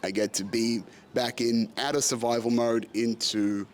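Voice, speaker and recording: A man's voice: mid-range voice, fairly even intonation, measured pace, slight background noise. A man, hosting his own podcast in a candid, confessional monologue that rambles and swears freely. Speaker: podcast host. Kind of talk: candid personal vlog monologue.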